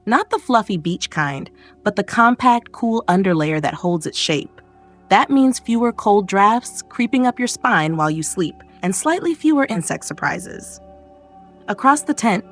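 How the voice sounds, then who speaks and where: A woman narrating a bedtime history story in a soft, calm, gently wry second-person voice, recorded on a close studio mic. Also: mid-range voice. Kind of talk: scripted sleep-story narration. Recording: narration over faint background music.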